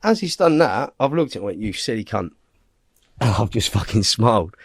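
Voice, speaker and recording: A man, a young adult at a guess, telling a story on a podcast in a blunt, profane way. His voice sits at an ordinary pitch for a man, and the recording is close and dry, with no room sound. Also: very animated, moderate pace, slightly rough, no room sound. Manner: vivid, blunt storytelling full of swearing. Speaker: podcast guest.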